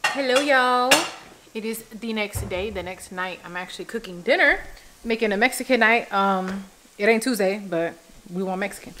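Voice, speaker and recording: A woman vlogging at home in a casual, chatty and expressive way, talking straight to her viewers. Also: mid-range voice, slight background noise. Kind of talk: casual chat to camera. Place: home kitchen while cooking.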